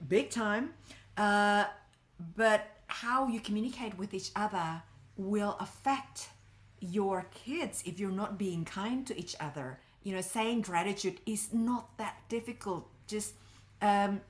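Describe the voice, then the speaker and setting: Middle-aged woman guest coach, slow and earnest, mid-pitched, emphatic lifts in pitch. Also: animated. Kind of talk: conversational advice in an interview.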